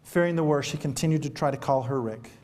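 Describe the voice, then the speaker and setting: A man's voice: fairly high pitch, quick pace, a little mellow. A man giving a motivational keynote to an audience, telling a story in an earnest, emotional manner. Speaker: motivational speaker. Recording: reverberant hall.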